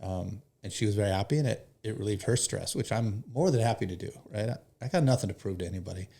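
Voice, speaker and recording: American man, low gravelly voice, earnest and emotional, candid storytelling. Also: fast, warm tone. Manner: emotional, earnest, swears casually. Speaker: firefighter guest.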